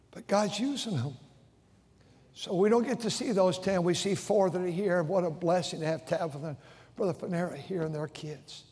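An older man preaches from the pulpit, his voice high for a man. He talks with heartfelt emotion, stumbling and restarting his phrases. The big auditorium wraps every word in a long, ringing reverb. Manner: emotional, repeating himself with stammered restarts. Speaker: pastor. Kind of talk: sermon. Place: large church auditorium.

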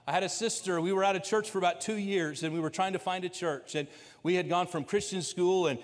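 Male pastor, storytelling sermon, fairly high voice, long church-hall echo. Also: brisk. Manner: conversational storytelling, voicing quoted people, building to loud preaching. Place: church sanctuary.

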